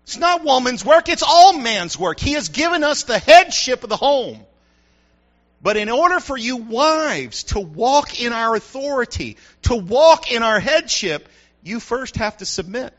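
A man's voice: extremely high pitch, very animated, unhurried, a bit bright. A middle-aged man, a pastor, preaching a sermon with call-and-response asides to the congregation. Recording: dull lo-fi sound.

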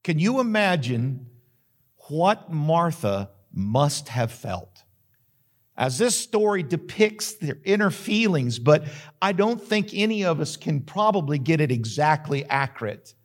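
A male pastor delivers a sermon, telling the story with dramatic pauses. His fairly high-pitched voice rises into emphatic questions to the congregation. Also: sing-song.

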